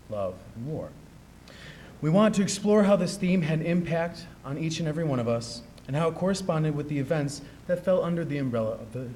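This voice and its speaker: A young man, a student critic, giving a measured, formal introduction of the next speaker on a theatre stage. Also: on the high side, a little mellow, slight background noise. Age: young adult.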